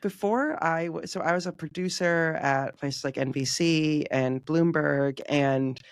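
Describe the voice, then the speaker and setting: A man's voice: fairly high pitch, a little slow, clear, resonant tone, no room sound, studio quality. A man answering interview questions in a casual, chatty way, often saying "like" and acting out bits of remembered dialogue. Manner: chatty, heavy use of "like", acts out quoted dialogue. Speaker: podcast guest, community manager.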